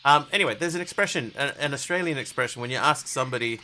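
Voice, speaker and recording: A man's voice: medium pitch, fast, hardly any pauses, sharp tone, a little hiss or hum. A man live-streaming a game, chatting casually and jokily with his viewers as he plays. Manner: rambling, jokey, chatty with viewers. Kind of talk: casual live-stream chat while playing.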